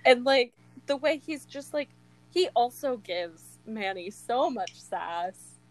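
Slow-talking gushing young woman. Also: a little high, lively intonation, no echo, low-quality recording. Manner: gushing, laughs often, many "like" fillers. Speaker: co-host of a book discussion. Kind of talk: casual chat.

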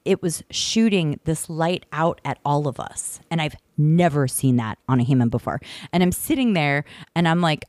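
A woman hosting a podcast in casual chat, telling stories in a rambling, animated way full of fillers and restarts. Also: low-pitched, moderate pace, no echo. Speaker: podcast host. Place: in the UK, visiting family.

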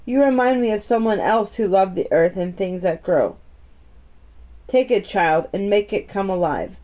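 A woman voicing a weary, melancholy gentleman guardian who speaks in a distracted, absent-minded way. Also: mid-range voice, moderate pace, close to an everyday voice. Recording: dull, muffled audio.

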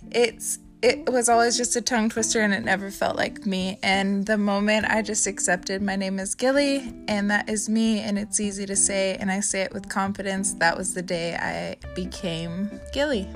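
A woman's voice: medium pitch, a bit bright. A woman in her thirties hosting a casual podcast from her bedroom, talking in a chatty, candid way and swearing freely. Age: 30s. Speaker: podcast host. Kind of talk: casual chat.

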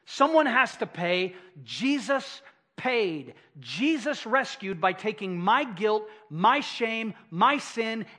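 A man's voice: sits high, bright, forceful tone. A middle-aged man pastor delivering a sermon, emphatic and repeating key phrases for effect.

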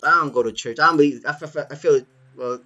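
A man's a-little-high voice races along as he shares a story in laid-back chat. Animated throughout, he swears plenty and says "dude" all the time.

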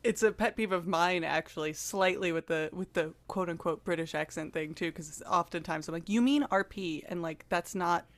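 Joking woman co-hosting a podcast. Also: lowish voice. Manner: joking, quick to interject. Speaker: podcast co-host. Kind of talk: casual chat.

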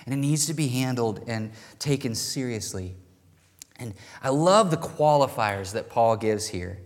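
Guy preaching a sermon, gets loud and animated at times, big reverby church hall. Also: medium pitch, measured pace. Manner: animated, emphatic preaching with rising bursts. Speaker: pastor. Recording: long reverb in a large hall.

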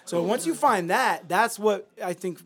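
Laid-back, cursing higher-voiced man. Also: expressive, measured pace, fairly bright tone. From Miami. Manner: laid-back, profane, rambling with fillers. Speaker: musician guest. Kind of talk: casual podcast chat.

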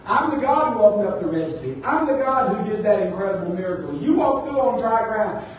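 A man's voice: sits high, lively intonation, fairly quick, a little hiss or hum. A man voicing God in a sermon, speaking firmly and declaring. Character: God speaking to his people, commanding. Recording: echoey room, distant mic.

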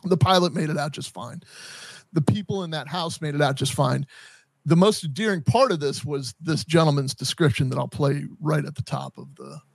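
A man hosting a podcast in casual chat, animated and halting, full of restarts and stammered words. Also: fairly high pitch, creaky, no room sound. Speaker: podcast host.

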